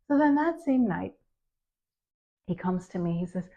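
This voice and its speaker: A woman hosting a casual conversation, an animated storyteller who laughs often. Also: medium pitch, a little slow, creaky, narrow, tinny audio. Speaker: host, mother.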